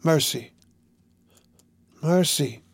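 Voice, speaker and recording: A man's voice: a little high, lively intonation, a little slow, no room sound. A man doing a desperate, pleading priest. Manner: pleading, passionate, panting. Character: desperate, obsessed older male priest, pleading.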